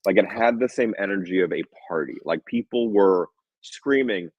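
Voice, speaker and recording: Low-voiced, animated male director. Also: normal speed, breathy edge, no echo. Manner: animated storyteller, acts out quotes, laughs often. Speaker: film director. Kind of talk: casual interview talk. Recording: dull, dry lo-fi sound.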